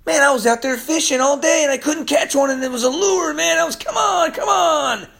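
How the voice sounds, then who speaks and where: A man preaching a sermon as pastor, impassioned and laughing often, swinging from soft talk to yelling. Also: very high voice, fast talker, vocal fry. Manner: laughs often mid-sentence.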